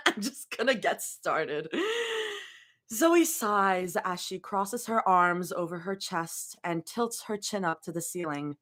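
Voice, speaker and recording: A woman's voice: medium pitch, expressive, measured pace, bright, forceful tone. A woman reading fanfiction live and chatting with viewers, giggling often and full of casual fillers. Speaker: live-stream fanfiction reader.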